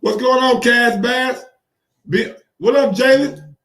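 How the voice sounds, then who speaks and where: A man hosting boxing commentary, reacting in casual, profane, excitable talk and repeating phrases for emphasis. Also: very high-pitched, takes it slowly, reverberant, far from the mic. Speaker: boxing commentary channel host.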